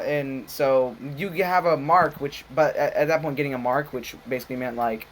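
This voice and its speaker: A man's voice: brisk, few pauses, a bit bright, slight background noise. Young man rambling through a story. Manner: rambling storyteller, mimics people in a higher pitch. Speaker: podcast co-host. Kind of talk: casual chat.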